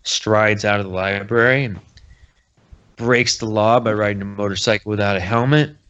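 A man's voice: lowish voice, normal speed, fairly bright tone, clear, resonant tone, muffled recording. A man hosting a podcast, recapping a comic book in a casual, rambling way with sarcastic jokes. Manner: rambling, jokey, sarcastic asides. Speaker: podcast host.

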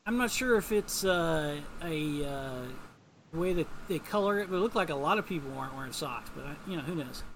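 A man's voice: on the high side, lively intonation, a little fast, slight background noise. A man giving casual, joking commentary as he narrates a video game and reads its lines aloud.

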